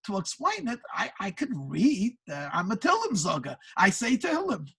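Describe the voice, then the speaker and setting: A woman's voice: medium pitch, wildly swooping pitch, normal speed, gravelly, a bit bright, breathy edge, heavily acted. A woman voicing a humble old man who only recites psalms, flustered and self-deprecating as he protests. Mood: humble protesting.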